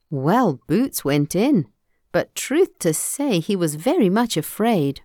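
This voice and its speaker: A woman reading a folktale aloud in a measured, expressive manner. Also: lowish voice, dry recording, studio quality. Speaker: storyteller.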